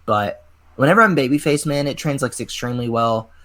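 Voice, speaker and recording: Young man, twenties, wrestler guest, chatty storytelling, rambling, mid pitch. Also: fairly quick. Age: 20s. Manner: animated rambling storyteller, heavy on filler words. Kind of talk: casual interview storytelling.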